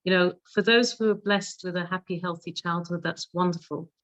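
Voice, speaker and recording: A woman's voice: on the low side, fairly even intonation, moderate pace, fairly bright tone, no room sound, dull audio. A woman with a London accent, a hypnotherapist speaking as a guest in a casual interview, emphatic and affirming.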